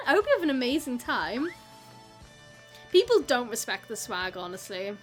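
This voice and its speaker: A young woman with a Welsh accent chats away to her stream viewers, giggling and peppering her sentences with "like". Her voice sits high. Soft music plays faintly behind her. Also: sing-song, normal speed. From South Wales. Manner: chatty, giggly, lots of "like". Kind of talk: casual live-stream chat.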